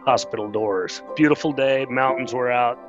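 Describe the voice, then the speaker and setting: A middle-aged man, an interview guest, telling a personal story in an earnest, plainspoken way and pausing when moved. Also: mid-range voice, dull audio, music in the background.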